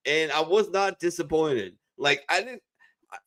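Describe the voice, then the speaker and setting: A man's voice: fairly high pitch, animated, unhurried, a bit bright. Profane, rambling former Marine man. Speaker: veteran show host. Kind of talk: casual chat. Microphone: video call.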